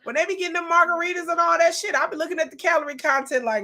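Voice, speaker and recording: A woman hosting a reaction video, talking in a casual, animated and blunt way, often exclaiming and laughing as she comments. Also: extremely high pitch, rapid-fire, hardly any pauses.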